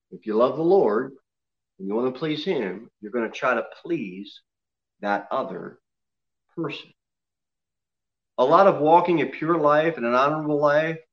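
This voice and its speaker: A man's voice: mid-range voice, a bit bright, highs cut off. A man preaching a sermon to his congregation in an emphatic way, often asking them questions. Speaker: pastor.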